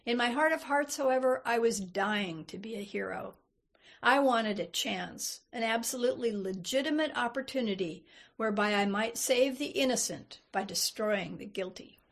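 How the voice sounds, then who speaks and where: A woman reading a first-person story aloud in a measured, unhurried way. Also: a little high. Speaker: reader. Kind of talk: storybook narration.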